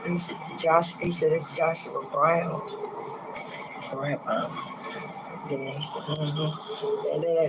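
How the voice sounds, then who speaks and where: Halting, gravelly man in his sixties. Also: a little high, background noise. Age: 60s. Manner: halting, hesitant retelling with many pauses and restarts. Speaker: man recounting a police arrest. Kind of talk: recorded street interview.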